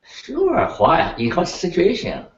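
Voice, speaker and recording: An older man lecturing a class in an animated way, laughing and checking in with his students as he goes. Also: high-pitched, slow. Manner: animated, laughing, keeps asking the class "right?". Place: lecture room. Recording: echoey, distant, dull room recording.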